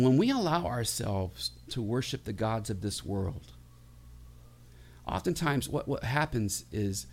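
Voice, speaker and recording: A pastor preaching a sermon in a conversational, humorous way, with many restarts. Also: male voice, medium pitch, gravelly.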